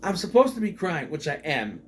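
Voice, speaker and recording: A man delivers a casual, off-the-cuff movie review in a slightly higher-than-usual voice. His pitch leaps around expressively as he recounts scenes in disbelief, peppering the retelling with rhetorical questions. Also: a little fast, slight background noise. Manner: animated, incredulous retelling with frequent rhetorical questions. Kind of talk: casual spoken film review.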